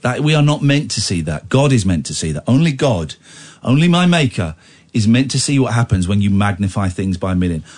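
A male radio presenter running a phone-in, sarcastic and teasing, swinging between mock outrage and deadpan. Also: fairly low pitch, fairly quick. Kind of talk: late-night radio phone-in.

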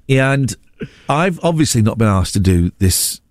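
A British man in his forties, a radio show host, chatting casually and telling animated, self-mocking stories. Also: mid-range voice, slow pace, dry recording, clean studio sound. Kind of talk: casual chat.

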